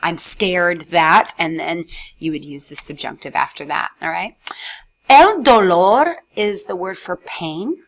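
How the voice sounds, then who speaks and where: A woman's voice: lowish voice, expressive, measured pace, fairly bright tone. Patient woman teaching Spanish grammar. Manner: patient, explains step by step with frequent "all right" and "okay". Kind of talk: recorded slide lesson.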